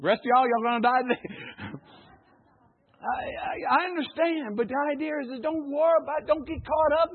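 A pastor preaching a sermon in call-and-response style, swinging between loud and hushed passages. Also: male voice, very high-pitched, normal speed, husky. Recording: tinny phone-like recording.

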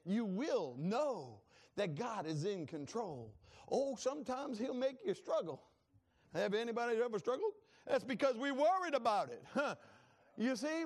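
Man preaching, high voice, laughs between lines, calls on the congregation. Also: moderate pace. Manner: lively, preaching with laughs and call-and-response asides. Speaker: pastor. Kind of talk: sermon.

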